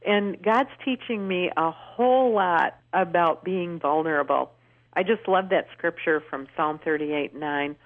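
Older woman, radio guest, earnest storyteller, lowish voice, phone-line sound. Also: unhurried. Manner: earnest, warmly emphatic storyteller. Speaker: guest speaker. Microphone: telephone.

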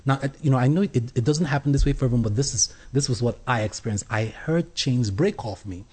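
A man telling his personal faith story as an interview guest, earnest, with halting restarts. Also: medium pitch, a little mellow, breathy edge. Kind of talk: personal testimony in conversation.

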